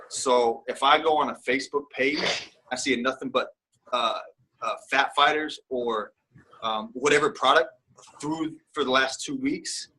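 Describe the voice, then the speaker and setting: A man's voice: medium pitch, bright, forceful tone. A man speaking as a guest in a casual interview, rambling and candid, with lots of fillers and restarts.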